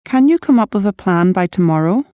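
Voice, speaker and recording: Female reader for language drills, clear and careful, dry close sound. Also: medium pitch, expressive, fairly quick, mellow, dry recording. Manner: clear, careful delivery of polite requests. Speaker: reader of practice sentences. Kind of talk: reading English practice sentences.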